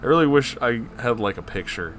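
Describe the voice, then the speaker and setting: A man's voice: mid-range voice, expressive, a little fast, a bit bright, slight background noise. A man reading a comedic story aloud, with crude, giggly asides. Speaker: story reader.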